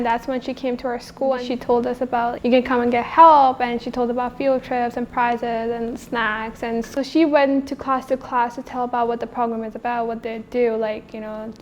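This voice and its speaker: A woman's voice: fairly high pitch, a little mellow. A young woman, a scholarship winner, giving a rambling casual testimonial with many hesitations. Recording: dull muffled recording.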